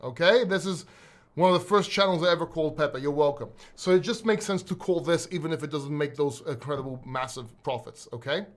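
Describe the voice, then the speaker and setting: A man from Greece in middle age rambles through a casual solo crypto video. He talks bluntly, curses often and restarts his sentences. His voice sits a bit higher than most men's. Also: a little fast. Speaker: crypto YouTuber.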